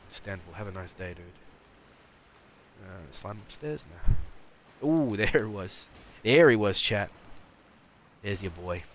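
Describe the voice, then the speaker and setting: A man's voice: on the low side, animated, measured pace, pauses often, a little hiss or hum. A man giving rambling live commentary while playing a game, mumbling and talking back at the enemies on screen. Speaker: streamer.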